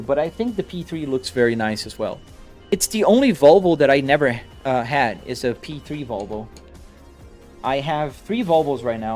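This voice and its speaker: A man casually chatting with viewers during a live stream, relaxed and talkative, greeting people by name. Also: medium pitch. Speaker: live streamer playing a driving simulator.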